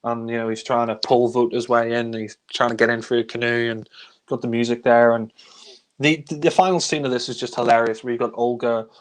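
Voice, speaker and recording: Casual male reviewer, mid-pitched and rambling, prone to chuckles. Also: level tone, a little fast. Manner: rambling, chuckles often, many fillers. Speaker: film reviewer. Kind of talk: casual film discussion.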